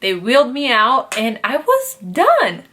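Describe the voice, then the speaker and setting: A young woman tells a personal story to her camera in a casual vlog. Her voice sits a little high, and she talks in an animated, chatty way, full of fillers like "like" and "literally". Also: slow. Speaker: beauty vlogger.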